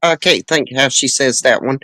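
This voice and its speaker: A speaker in a casual group chat who talks haltingly, repeating words and restarting sentences. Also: mid-range voice, bright, forceful tone, dry recording. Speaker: chat panelist.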